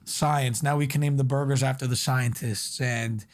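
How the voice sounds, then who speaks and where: A man's voice: medium pitch, normal speed. A young man from Long Island, a restaurant owner, telling his story as a guest on a casual podcast, full of "like" fillers. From Long Island, New York. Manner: energetic storyteller, many fillers like "like".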